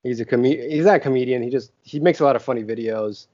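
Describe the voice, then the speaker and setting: A man talks quickly and loosely on a casual podcast. He rambles with lots of fillers and keeps an upbeat tone. The recording is dry and a little dull. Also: mid-range voice, darkish tone, no room sound. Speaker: podcast co-host.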